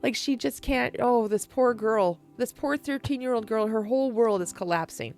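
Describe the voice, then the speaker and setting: A woman casually retelling a classic play in a chatty, animated way, laughing and swearing often. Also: on the high side, moderate pace. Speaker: storyteller.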